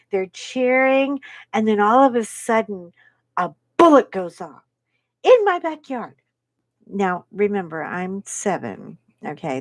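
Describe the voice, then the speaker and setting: A woman hosting a live chat stream, telling a story from her childhood in a lively way and acting out the people in it. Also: mid-range voice, dry recording. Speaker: livestream host.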